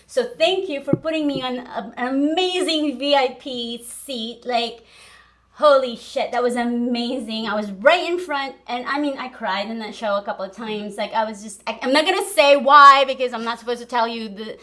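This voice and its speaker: A woman hosting a podcast in casual chat, animated, laughing often and swearing freely. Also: fairly high pitch, normal speed. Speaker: podcast host.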